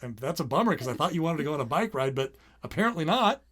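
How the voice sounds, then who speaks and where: A middle-aged man co-hosting a casual parenting podcast, talking animatedly and acting out his kids' lines in quick quoted bits. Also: a little high, big pitch swings, fairly bright tone. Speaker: podcast co-host.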